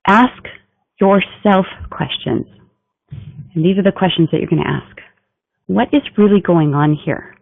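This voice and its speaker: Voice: medium pitch, measured pace, gravelly, pauses often, no echo. A communication trainer giving a business training talk in an emphatic, coaching delivery. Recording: tinny phone-like dry recording.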